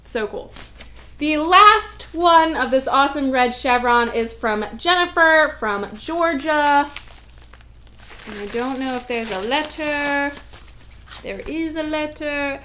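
A woman in her twenties opening fan mail for her vlog, gushing and chatty with excited asides. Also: sits high, takes it slowly, a little hiss or hum. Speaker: vlogger.

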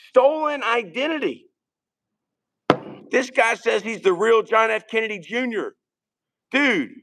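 A man from Virginia, co-hosting a casual podcast stream and rambling through shout-outs and jokes. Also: high-pitched, creaky. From Richmond, Virginia. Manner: rambling, shouting out viewers, joking. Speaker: podcast co-host. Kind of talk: casual live-stream chat.

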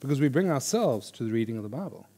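A man teaching a church class on reading the Bible, in a lively, joking conversational way. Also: mid-range voice, fast talker, breathy edge. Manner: animated, jokey, with lively quoted voices. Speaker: pastor teaching a Bible course. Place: church hall before an audience.

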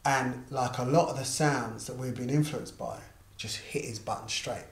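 A middle-aged interviewee, a musician and artist manager, recounts an anecdote at a moderate pace in a medium-pitched voice. His delivery is animated, and he imitates the people he quotes. The room adds echo, with faint noise behind him.

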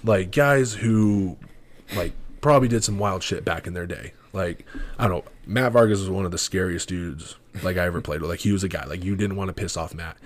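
A young man, a podcast guest, telling a story in quick, animated casual talk, full of "like". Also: low voice. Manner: fast, animated, lots of filler "like".

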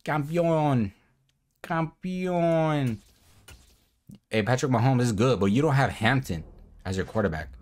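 A young man giving casual, excitable commentary over his own football video game, swearing and hyping the plays. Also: on the low side, fast talker. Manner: excitable, swears a lot, laughs and shouts at big plays. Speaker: gaming video creator. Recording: music bed under the voice.

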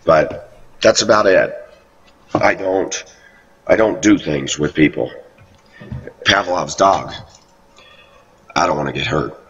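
A low, husky man rambles on at length, slipping into a higher voice whenever he quotes someone. He sounds set back from the mic on a dull, lo-fi recording. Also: slow, long pauses, fairly bright tone. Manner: rambling, quotes others in raised voice. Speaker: video blogger. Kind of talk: rambling monologue. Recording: muffled, distant lo-fi recording.

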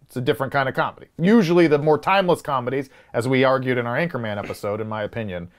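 A man's voice: mid-range voice, very fast. A man co-hosting a casual movie review podcast, arguing his points emphatically and restarting sentences as he builds them. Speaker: podcast co-host.

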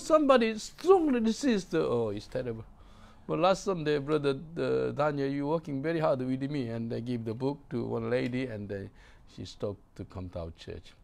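A middle-aged man, a pastor preaching a sermon in halting, broken English. He drops to low murmurs and then bursts out loudly. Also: slight background noise. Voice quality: gravelly. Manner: swings from low murmurs to loud exclamations.

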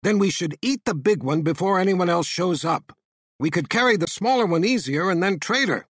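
A man voicing a gruff, predatory male captor who argues in a heated voice. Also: sits high, animated, normal speed, a bit bright, no room sound, studio quality, voice pushed up, exaggerated voice. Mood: scheming. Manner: heated, arguing.

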